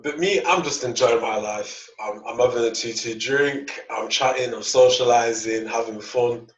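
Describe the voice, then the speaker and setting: A man's voice: mid-range voice, moderate pace. A young man, a podcast co-host, telling a long casual story, rambling and repeating words as he acts out the dialogue. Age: young adult. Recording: echoey, distant, dull lo-fi mic.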